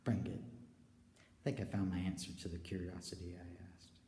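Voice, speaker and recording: Low gravelly man in echoey stairwell. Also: monotone, normal speed, slight background noise. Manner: rambling, drifting between hushed whispers and loud declarations. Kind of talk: confessional spiritual monologue. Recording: echoey stairwell with long reverb.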